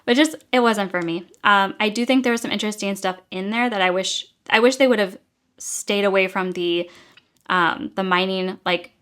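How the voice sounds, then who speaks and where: A young woman rants through a casual book review, chatty and exasperated. She fills her talk with little fillers, and her pitch sits in a middle range. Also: normal speed, a bit bright, smooth.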